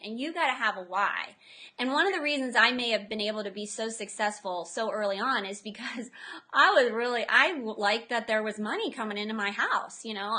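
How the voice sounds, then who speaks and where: Bright, animated woman storyteller. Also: fairly high pitch. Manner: animated storyteller, acts out quotes. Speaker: interview guest, entrepreneur. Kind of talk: casual interview talk.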